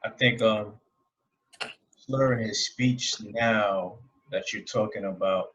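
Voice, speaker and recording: A man co-hosting a boxing talk show, chatting in a relaxed, hesitant way. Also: lowish voice, slow, husky, highs cut off. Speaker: boxing podcast co-host. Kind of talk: casual chat.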